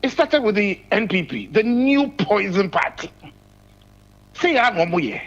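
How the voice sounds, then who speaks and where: A man's voice: high voice, big pitch swings, a little slow, highs cut off. A man calling in to a radio show, talking politics emphatically and repeating his points. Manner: emphatic, repeats key phrases. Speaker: caller. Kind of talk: political call-in commentary.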